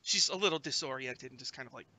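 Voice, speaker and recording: A man narrating as game master of a tabletop game, animated and given to acting out creatures. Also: medium pitch, quick pace, a loud crowd, rough recording. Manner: animated, acts out creatures with shouts.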